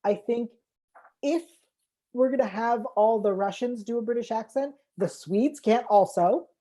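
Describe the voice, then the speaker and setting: A woman's voice: fairly high pitch, unhurried, dark tone. A woman on a panel giving firm opinions in casual chat, with apologetic asides. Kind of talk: casual video-call discussion.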